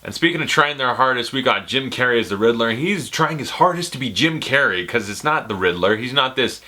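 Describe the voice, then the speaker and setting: A man's voice: mid-range voice, lively intonation, brisk, bright, forceful tone. A man giving a casual, profane, ranting movie review. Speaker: film reviewer.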